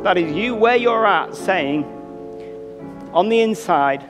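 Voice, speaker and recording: A man's voice: high voice, expressive, slow pace, long pauses. A man preaching a sermon as pastor, earnestly urging the congregation. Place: church. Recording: reverberant church with music behind.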